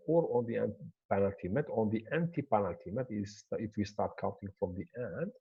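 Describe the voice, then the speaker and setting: A man teaching English word stress in a slow, repetitive lecture, pointing things out as he explains. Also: mid-range voice, darkish tone, husky, muffled recording. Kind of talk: classroom lecture.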